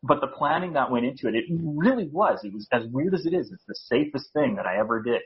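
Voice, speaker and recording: A man's voice: mid-range voice, lively intonation, fast talker, dull audio. A Canadian man, a guest on a casual podcast interview, talking in a chatty, self-deprecating way and laughing easily. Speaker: guest, speaker coach.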